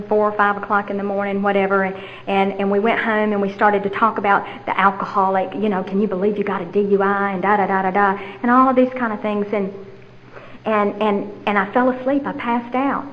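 A middle-aged woman telling her own recovery story candidly, with steady repetition in her phrasing. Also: mid-range voice, fairly quick, highs cut off. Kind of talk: personal testimony.

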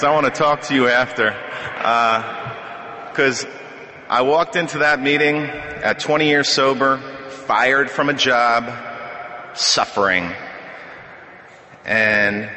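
A man's voice: mid-range voice, unhurried, long pauses, sharp tone. A middle-aged man sharing his personal story at a recovery meeting podium, telling it conversationally with self-deprecating humor. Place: meeting hall. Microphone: podium microphone. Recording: echoey hall with long reverb.

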